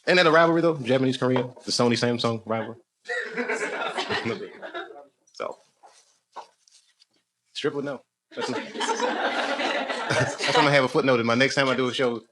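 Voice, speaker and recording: A man's voice: medium pitch, very animated, moderate pace, pauses often. A man doing live stand-up, telling a rambling story, laughing at his own jokes and bantering with the crowd. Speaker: stand-up comedian. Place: stage in a comedy club. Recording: live stage recording with noisy audience. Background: audience laughter.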